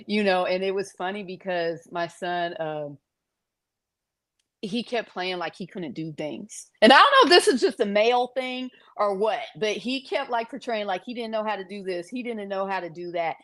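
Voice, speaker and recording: Middle-aged woman, podcast guest, animated storyteller, laughs easily, acts out voices. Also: mid-range voice, moderate pace. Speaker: podcast guest, parent of a deaf son. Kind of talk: casual storytelling.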